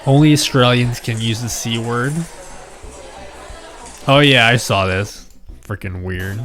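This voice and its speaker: A man's voice: medium pitch, takes it slowly, fairly bright tone. A man from the Philippines chatting casually on his stream, rambling, chuckling and answering his chat.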